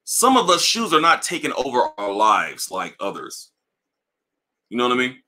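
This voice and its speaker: Bright-voiced man ranting on a livestream. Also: medium pitch, normal speed. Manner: animated, swearing, repeats himself. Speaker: livestream host. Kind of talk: profane casual rant. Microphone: livestream mic.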